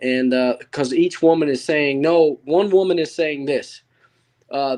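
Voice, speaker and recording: A man's voice: a little high, normal speed, darkish tone. A man in a casual panel discussion, telling a story in a rambling way with fillers and restarts. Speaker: panel participant. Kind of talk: casual chat.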